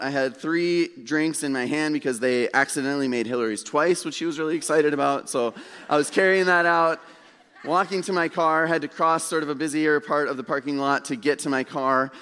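A man preaching a sermon as pastor in a church, telling a story in a relaxed, conversational way with self-deprecating humor. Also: a little high, moderate pace, clear, resonant tone. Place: church sanctuary. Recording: long hall reverb.

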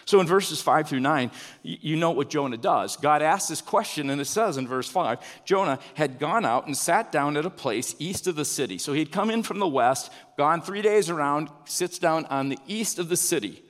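Man preaching in a reverberant hall. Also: moderate pace. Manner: animated preaching, pitch rising and falling with emphasis. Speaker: pastor. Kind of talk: sermon.

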